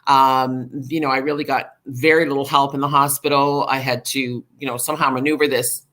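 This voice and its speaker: A middle-aged woman, a podcast guest, candidly telling a personal recovery story in an animated way, full of fillers. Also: very deep voice, a little fast.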